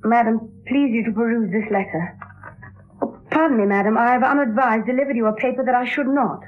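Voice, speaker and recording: A lovelorn young noblewoman disguised as a boy page, as an actress plays her, earnest and wistful in measured verse. The voice sits a little high for a woman, and the old radio play comes through thin and tinny. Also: natural voice. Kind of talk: 1960s radio drama verse acting. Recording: tinny lo-fi 1960s radio broadcast.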